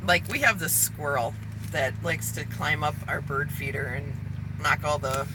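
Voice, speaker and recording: A woman chatting casually on a livestream while driving, holding her phone camera, telling animated stories. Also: low-pitched, unhurried. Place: inside a car on a freeway. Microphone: phone camera held in hand. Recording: loud road and car noise.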